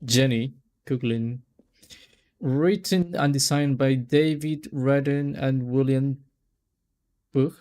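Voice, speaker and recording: A man chatting loosely while he plays a game on stream. His voice is warm and mellow at a middle pitch. He rambles, laughs and stumbles over words. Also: steady tone, slow, long pauses. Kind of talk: casual let's-play chat.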